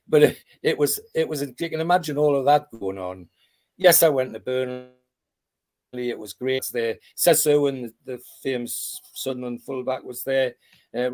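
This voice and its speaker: A man's voice: medium pitch, darkish tone. A man, a former footballer who reminisces in a rambling way, with restarts and chuckles, over a video call. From Tyneside, North East England. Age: 80s. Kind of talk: casual reminiscing interview.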